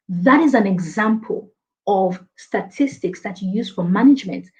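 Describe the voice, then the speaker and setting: A woman coaching an online class on presentations, reading out viewer comments and laughing often. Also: a little high. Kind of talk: live online training session. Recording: dull lo-fi stream audio.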